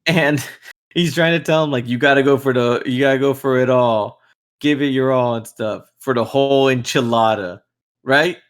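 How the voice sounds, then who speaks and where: A young man co-hosting a podcast in casual chat, animated, swearing a lot and laughing often. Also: medium pitch, moderate pace, clear, resonant tone. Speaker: podcast co-host.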